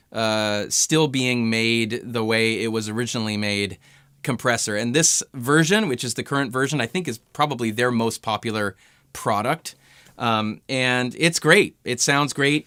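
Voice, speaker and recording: A man hosting a casual guitar pedal demo, talking in a relaxed, conversational way with many fillers. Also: mid-range voice, no room sound, clean studio sound. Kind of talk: casual gear demo talk.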